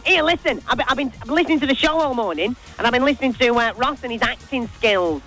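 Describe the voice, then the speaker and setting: A man giving a chatty, gossipy roundup of soap news on breakfast radio, in an animated and teasing way. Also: very high-pitched, fast, faint music behind. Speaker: soap and entertainment news contributor.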